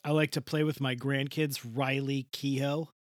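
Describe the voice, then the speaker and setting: A man's voice: mid-range voice, little pitch movement, moderate pace, dry recording, clean studio sound, close to an everyday voice. A man improvising as a bawdy seventy-five-year-old woman in a comedy podcast bit, rambling and crude. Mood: bawdy gossip. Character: bawdy elderly woman playing a famous ex-wife, gossipy, crude.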